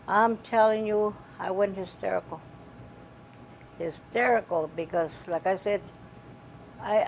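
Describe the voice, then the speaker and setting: A woman's voice: medium pitch, vocal fry. A woman animatedly recounting a family tragedy in a documentary interview, acting out the dialogue as she goes. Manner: animated storytelling, quoting dialogue. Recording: dull lo-fi recording with faint hiss.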